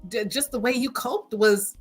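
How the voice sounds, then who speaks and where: A woman's voice: fairly high pitch, normal speed, breathy edge, faint music behind. A woman host asking encouraging, rambling questions in a casual interview.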